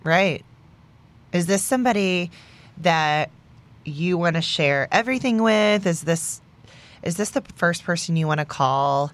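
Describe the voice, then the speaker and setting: Low-voiced woman in her late thirties. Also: measured pace. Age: late 30s. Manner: reflective, emphatic opinions with frequent fillers. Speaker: podcast co-host. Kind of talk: casual chat.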